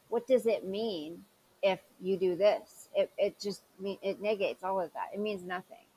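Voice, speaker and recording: A woman's voice: medium pitch, measured pace, mellow, a little hiss or hum, poor audio. Sarcastic woman hosting reaction commentary. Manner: sarcastic, critical, questioning. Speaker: commentary channel host.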